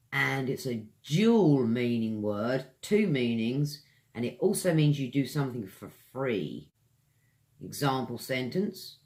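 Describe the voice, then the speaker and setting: A man's voice: medium pitch, fairly bright tone. A man with a British accent giving an online English pronunciation lesson, stretching out each word and chatting to viewers between examples. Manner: slow, drawn-out enunciation of words, chatty asides to viewers. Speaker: English teacher.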